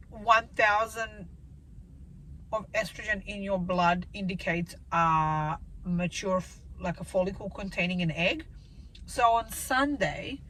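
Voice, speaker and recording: A woman's voice: medium pitch, a bit bright, slight background noise, rough recording. A woman in her thirties telling a rambling, emotional story straight to camera in a casual vlog update. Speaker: vlogger.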